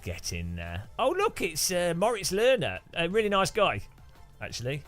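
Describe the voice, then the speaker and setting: A man's voice: high voice, wildly swooping pitch, normal speed, a bit bright, faint music behind. A man hosting a casual sim racing gameplay commentary, rambling and joking and laughing often between thoughts. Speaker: sim racing channel host.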